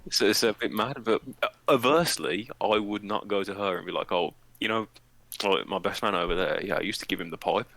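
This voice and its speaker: A man's voice: fairly low pitch, a little fast, creaky, fairly bright tone, dry recording, low-quality recording. A man chatting casually on a podcast, blunt, profane and jokey. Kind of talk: casual chat.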